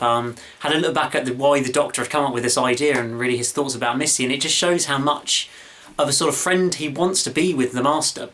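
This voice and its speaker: Fast, bright-voiced enthusiastic male reviewer. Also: medium pitch. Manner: enthusiastic, gushing, with many fillers and restarts. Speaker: video reviewer, channel host. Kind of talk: casual online episode review.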